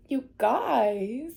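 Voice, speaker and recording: A woman speaks to her viewers during a tarot reading, her voice gravelly and mellow. She is emotional and close to tears, laughing it off and reassuring her audience that everything will be okay. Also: high voice. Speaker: tarot reader.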